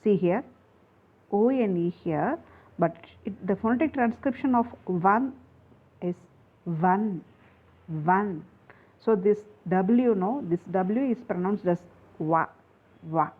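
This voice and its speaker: A woman English teacher explaining grammar at a board, slowly repeating and spelling out letters. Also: medium pitch. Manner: slow, repetitive, spelling out letters. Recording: tinny phone-like sound.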